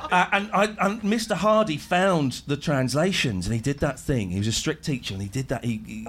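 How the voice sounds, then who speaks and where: A man's voice: mid-range voice, lively intonation, moderate pace, hardly any pauses, a bit bright, a little hiss or hum. Laughing, rambling man. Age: middle-aged. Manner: jokey, rambling, laughs a lot. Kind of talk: casual banter.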